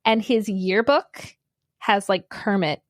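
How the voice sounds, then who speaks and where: A woman's voice: mid-range voice, slow, no room sound, clean studio sound. A woman co-hosting a podcast in casual chat, sharing trivia and laughing often. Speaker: podcast co-host.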